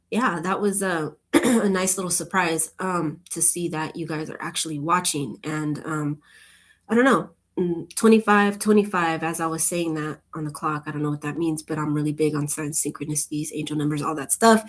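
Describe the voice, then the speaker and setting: A woman with a somewhat low voice talks casually to her viewers. She rambles cheerfully from one thought to the next, easy and talkative. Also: moderate pace. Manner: chatty, rambling, upbeat. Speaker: channel host.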